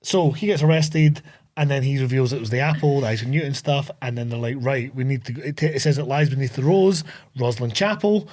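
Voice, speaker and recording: A man's voice: mid-range voice, a little fast. Scottish man in a casual podcast chat. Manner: excitable, swearing storyteller recapping a film. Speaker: podcast co-host.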